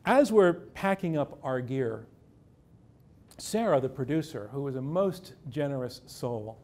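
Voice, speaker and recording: A male journalist tells a true first-person story on stage in a medium-pitched, dark voice. His pacing is measured, with dramatic pauses and dry irony.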